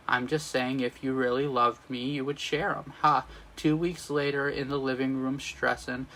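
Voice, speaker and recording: A man's voice: mid-range voice, bright, forceful tone, rough recording. A man reading the lines of a swooning young woman in love, speaking sung lyrics with slips and restarts.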